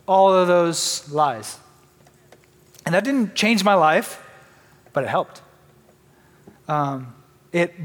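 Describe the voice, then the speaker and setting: A young man with a high voice gives a candid personal testimony to a church. He talks conversationally and restarts his sentences often, and his voice rings with the long reverb of a big hall. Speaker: church member giving testimony.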